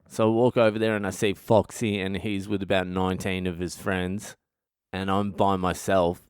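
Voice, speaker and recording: An Australian man in his thirties tells his own story on a comedy podcast, blunt and full of swearing. His voice sits on the low side and comes across smooth and clean. The sound is close and dry. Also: moderate pace, no room sound. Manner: profane, blunt and animated. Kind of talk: comic personal storytelling.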